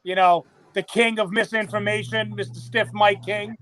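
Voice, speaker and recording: A man's voice: high-pitched, fairly even intonation, moderate pace, fairly bright tone, slight background noise. A man joining the show as a caller, friendly and teasing. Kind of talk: casual chat.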